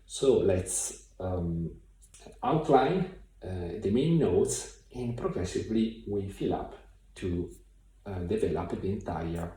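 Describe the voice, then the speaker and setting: A man giving a piano tutorial in a thoughtful, hesitant way, with many pauses and fillers, recorded from a distance in a room with a piano. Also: low-pitched, lively intonation, dark tone. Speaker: piano teacher. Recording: very echoey room, mic far off. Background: piano playing.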